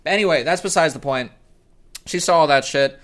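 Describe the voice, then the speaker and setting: A man's voice: fairly high pitch, a little fast, a bit bright. A young man telling a rambling, profane story in a casual vlog, often correcting himself. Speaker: storyteller vlogger.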